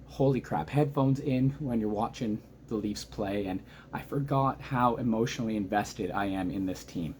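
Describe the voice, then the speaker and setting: A lower-voiced man at home late at night, speaking softly so he won't wake anyone. He is still buzzing and emotional, rambling excitedly from one play to the next. A faint background hum sits under his voice. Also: normal speed. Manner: talking quietly but wired and excitable, rambling recap. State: keyed up and emotional. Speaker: hockey fan reacting to a game. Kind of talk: excited post-game reaction monologue.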